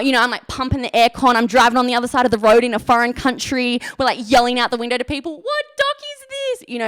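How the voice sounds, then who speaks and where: Young woman youth leader, bright-ish voice, rambling comic anecdote, dry close sound. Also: a little high, clear, resonant tone, dry recording. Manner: chatty, self-mocking, lots of "like". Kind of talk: casual storytelling on a live stream.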